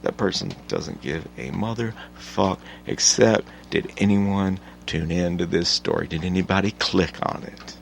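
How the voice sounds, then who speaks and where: A man hosting his own podcast, talking in an animated, profane solo rant that swings from mutters to loud outbursts. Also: sits low, unhurried, vocal fry, hardly any pauses, a little hiss or hum. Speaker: podcast host.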